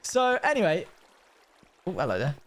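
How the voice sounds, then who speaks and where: A man's voice: fairly high pitch, wildly swooping pitch, moderate pace, a bit bright. A young man chatting casually as a streamer, reacting to a video with wry, rambling commentary.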